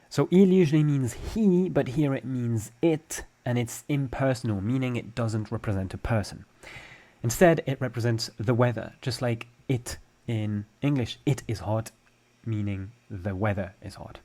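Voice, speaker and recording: A man's voice: medium pitch, normal speed, warm tone. A young adult man with a French accent, teaching a language lesson and patiently explaining step by step with examples. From France.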